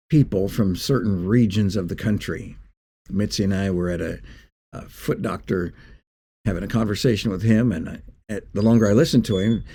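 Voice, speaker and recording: Male pastor, low husky mellow voice, folksy devotional delivery. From Northeast Indiana. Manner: folksy and conversational, with pauses and restarts. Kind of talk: short devotional talk.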